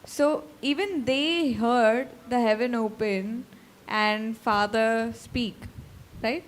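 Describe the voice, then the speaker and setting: A woman's voice: fairly high pitch, takes it slowly, slight background noise. A woman at a retreat asking the preacher a question, checking in with "right?" as she goes.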